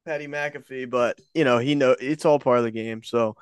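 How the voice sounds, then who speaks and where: Male co-host, mid pitch, smooth clear voice, dry close mic, hesitant conversational delivery. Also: steady tone, normal speed, no room sound. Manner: hesitant, thinks aloud with restarts. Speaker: podcast co-host. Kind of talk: casual sports podcast chat.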